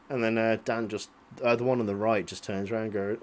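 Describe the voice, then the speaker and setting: A man's voice: lowish voice, big pitch swings, fairly quick, hardly any pauses. A man in his late twenties giving casual, rambling commentary over old video clips, swearing freely and chuckling to himself. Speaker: vlogger.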